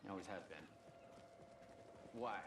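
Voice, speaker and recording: An actor playing an easygoing small-town male sheriff in a video game, speaking in a folksy, relaxed way. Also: low voice, slow pace, background noise.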